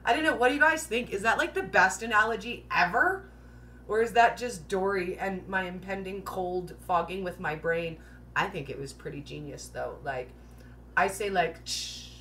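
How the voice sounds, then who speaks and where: A woman's voice: mid-range voice, moderate pace, bright, forceful tone, slight background noise. Chatty woman joking and giggling. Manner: joking, chatty, laughs often at her own jokes; filler-heavy, says 'like' constantly. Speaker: host of a live keto Q&A. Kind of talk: casual live-stream chat.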